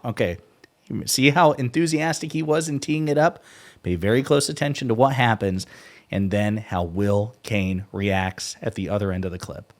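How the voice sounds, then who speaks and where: A man hosting a political commentary video, talking in a mocking, animated way and mimicking the people he criticizes. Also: mid-range voice, moderate pace.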